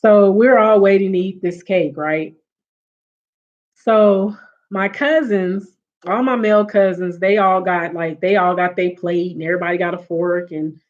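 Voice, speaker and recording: A woman casually telling a funny family story to her live viewers, laughing often and acting out what her relatives said. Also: mid-range voice. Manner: animated, laughs often, acts out quoted relatives. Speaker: livestream host. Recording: dull lo-fi audio.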